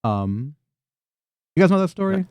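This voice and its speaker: A man's voice: fairly high pitch, very animated, a little slow, mellow, clean tone, dry recording. A man narrating a tabletop game as game master, casual and laughing, with frequent swearing.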